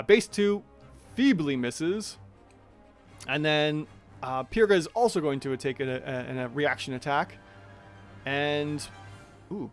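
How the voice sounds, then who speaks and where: A man narrating a tabletop monster battle as game master, chatty and thinking aloud as he checks the rules. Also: on the high side.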